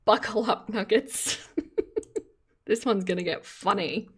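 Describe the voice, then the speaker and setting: A woman's voice: medium pitch, takes it slowly, breathy edge. A woman hosting a live reaction stream, chatting casually, giggling often and reading out her chat as she comments on a video. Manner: giggly, laughs often, reads chat aloud; playful teasing commentary.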